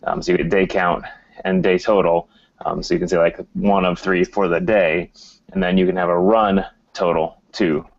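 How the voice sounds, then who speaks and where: A man's voice: sits low, flat delivery, normal speed, vocal fry. A man leaving a recorded voice message for a podcast, hesitant and full of fillers. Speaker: listener sending in audio. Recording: dull lo-fi voice message.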